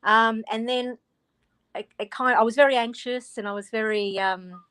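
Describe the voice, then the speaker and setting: A woman with an Australian accent, an author guesting on a video call, chats loosely in a relaxed interview, often laughing and restarting words. Her slightly high voice is bright, forceful and clean, with fairly even intonation and a moderate pace.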